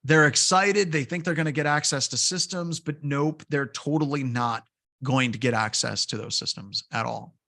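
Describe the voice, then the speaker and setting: A man's voice: on the high side, normal speed, vocal fry, sharp tone. A middle-aged man teaching a security course, telling a loose, filler-heavy story between points. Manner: casual, rambling, with many fillers. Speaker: course instructor. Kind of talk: lecture with anecdotes.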